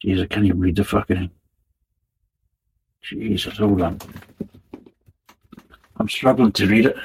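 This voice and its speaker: A man's voice: lowish voice, measured pace, a little mellow, a little hiss or hum, poor audio. A man giving a casual, blunt and sweary spoken beer review with a wry, exasperated manner.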